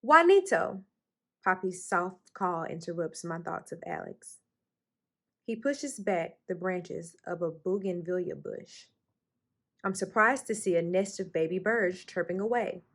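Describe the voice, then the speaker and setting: A woman's voice: fairly low pitch, a little slow, creaky. A woman reading a children's picture book aloud for storytime, raising her voice expressively for the characters' lines. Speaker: storytime reader.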